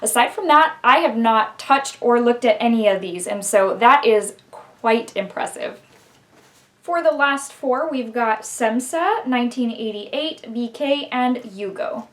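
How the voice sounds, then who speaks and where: A middle-aged woman chatting casually through a makeup tutorial, laughing often and filling pauses with "um" and "like.". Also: on the high side, lively intonation. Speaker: beauty vlogger.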